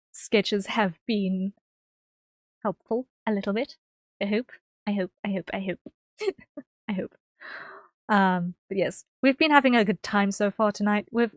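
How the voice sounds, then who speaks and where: A woman's voice: medium pitch, no room sound. A woman streamer from the UK, chatting casually to her viewers, rambling with ums and repeated phrases. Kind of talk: casual chat.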